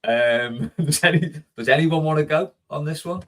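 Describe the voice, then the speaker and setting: A man's voice: fairly high pitch, moderate pace, a bit bright. A man hosting a casual podcast chat, reading out listener questions with a joking, chatty manner.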